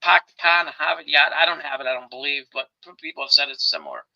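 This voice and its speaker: Fast, gravelly, bright man on a lo-fi line. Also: on the high side. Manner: excitable storyteller, laughs often, animated ranting. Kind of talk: casual chat.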